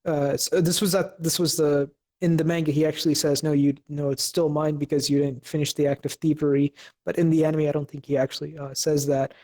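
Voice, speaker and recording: Flat-voiced young man recapping an episode. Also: a little high. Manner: halting, many fillers and restarts. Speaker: podcast co-host.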